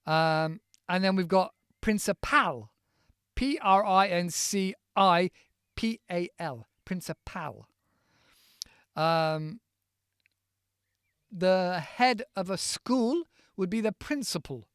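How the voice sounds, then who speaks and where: A man from the United Kingdom, teaching in a chatty, playful podcast lesson and slowly spelling words out letter by letter. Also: high-pitched, expressive, fairly bright tone, clean tone, dry recording, clean studio sound.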